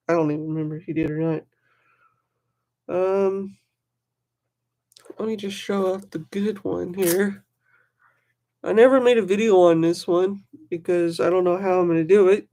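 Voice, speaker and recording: A knife collector chatting casually on a livestream, excitable and rambling, talking to viewers in the chat by name. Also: mid-range voice.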